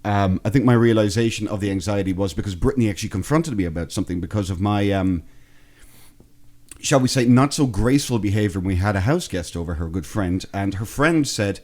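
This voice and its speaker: Waterford-accented man, low voice, rambling. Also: darkish tone. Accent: Irish, Waterford. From Ireland. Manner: rambling, self-deprecating, quick to joke. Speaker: podcast co-host. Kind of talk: casual chat.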